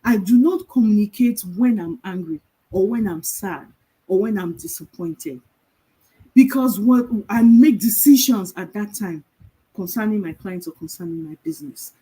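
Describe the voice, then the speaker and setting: A middle-aged woman, giving a calm motivational talk as a virtual assistant coach, telling stories and asking rhetorical questions. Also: medium pitch, normal speed, breathy edge, poor audio.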